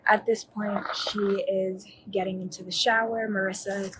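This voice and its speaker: A woman's voice: mid-range voice, level tone, a little slow, noisy background. A young woman recounting a night's events to a police officer, rambling with lots of "like" and correcting herself as she goes, recorded by a body camera in a college dorm. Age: young adult. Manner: rambling, fillers of "like", self-correcting. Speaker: witness talking to police.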